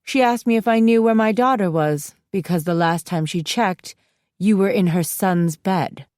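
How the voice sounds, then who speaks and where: A woman's voice: mid-range voice, normal speed, a little mellow, no room sound, clean studio sound, close to an everyday voice. A woman narrator voicing a stern, weary mother who is firm and sarcastic with her teenage daughter.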